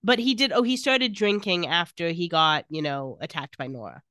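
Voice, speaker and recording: A woman's voice: on the low side, normal speed, pushed and bright, no room sound, clean studio sound. A woman co-hosting a podcast, casually retelling scenes from a TV episode and quoting the characters' lines as she goes. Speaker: podcast co-host recapping a TV episode. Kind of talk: casual chat.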